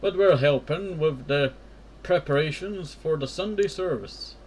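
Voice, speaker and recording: A man voicing a teasing high-school girl who helps at the church, in a light, mocking tone. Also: unhurried, darkish tone, husky.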